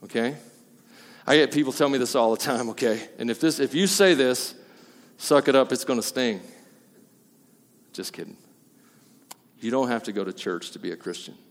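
A man's voice: medium pitch, moderate pace, pauses often. Emphatic preacher man in a reverberant hall. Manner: emphatic, jokey asides, swings between loud and quiet. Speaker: pastor. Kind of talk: sermon. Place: church hall.

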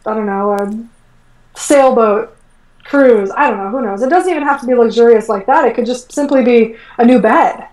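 A woman with a fairly high voice talks in a casual, animated way, acting out what she said and thought and dropping plenty of "like" and "um". She sounds set back from the microphone in an echoey room. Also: normal speed. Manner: animated storytelling, acts out her own quotes, many fillers like "like" and "um". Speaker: guest, energy work coach. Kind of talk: casual conversational interview. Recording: echoey room, voice far from mic.

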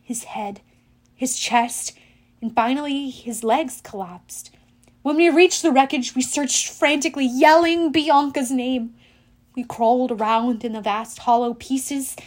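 A woman reading an audiobook aloud, telling an action story with dramatic, expressive delivery. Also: measured pace. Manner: expressive, dramatic reading with loud shouted lines and hushed low ends. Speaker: audiobook narrator. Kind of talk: audiobook narration.

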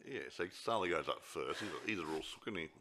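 A man in easy conversation, his voice low but bouncing around a lot. He jokes and teases as he talks. The tone comes across bright. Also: animated, quick pace. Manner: joking, teasing, with frequent laughs. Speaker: co-host reviewing a film. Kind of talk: casual chat.

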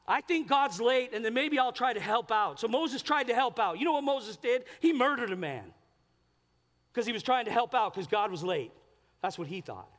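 A man with a strikingly high voice preaches to his congregation, storytelling with lively shifts from loud exclaims to quiet asides. His words ring out with a long reverb, as if in a big sanctuary. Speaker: pastor. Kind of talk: sermon. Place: large church sanctuary.

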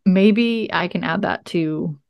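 A woman's voice: lowish voice, slow, vocal fry, no echo, highs cut off. A woman co-hosting a podcast, joking and teasing in casual chat and laughing often. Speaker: podcast co-host.

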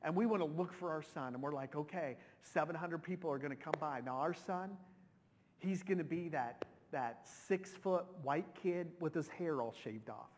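A man's voice: a little high, moderate pace, a little mellow, a little hiss or hum. A middle-aged man, a pastor, telling a personal story in a sermon, emotional and conversational with many restarts. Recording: long hall reverb.

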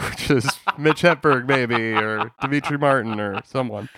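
A man's voice: medium pitch, takes it slowly, bright, forceful tone, dry recording. A man co-hosting a comedy podcast, riffing in a dry, rambling way with absurd tangents. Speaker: podcast co-host. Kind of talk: casual comedic chat. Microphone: studio podcast mic.

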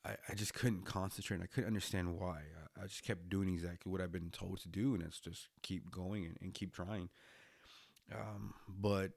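Gravelly deep-voiced man, blunt and candid. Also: steady tone, dry recording, clean studio sound. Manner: blunt, frequent swearing, halting restarts. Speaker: military veteran telling his story. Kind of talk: candid personal storytelling.

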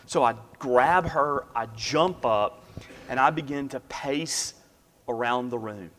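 A man preaching a sermon, telling a personal story and dropping to a hush for the quiet moments. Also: mid-range voice, takes it slowly. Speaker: pastor. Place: church sanctuary. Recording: long hall reverb.

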